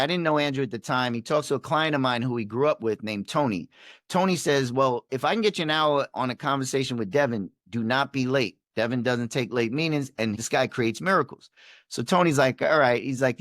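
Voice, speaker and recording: A man, a performance coach and podcast guest, telling a story and acting out the dialogue with shifting pitch and energy. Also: fairly quick, fairly bright tone, dry recording, clean studio sound. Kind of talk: animated storytelling in conversation.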